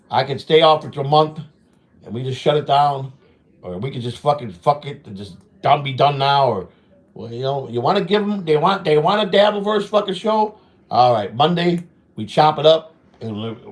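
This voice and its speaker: A man hosting his own vlog, talking in a rambling, profane monologue at home during a hurricane. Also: medium pitch. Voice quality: profane, repetitive, says "man" often. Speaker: vlog host.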